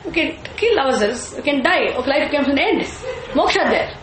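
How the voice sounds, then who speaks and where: A woman's voice: high-pitched, animated, roomy sound, crowd noise, rough recording. A woman teaching a scripture class. She chants Sanskrit terms and asks and answers her own questions. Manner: slow and deliberate, repeats and chants Sanskrit terms.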